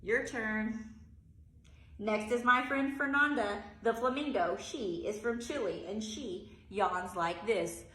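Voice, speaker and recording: A woman teacher reading a picture book aloud and giving teaching tips, in an animated sing-song way with exaggerated yawns. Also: fairly high pitch, takes it slowly, echoey room. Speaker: early childhood teacher.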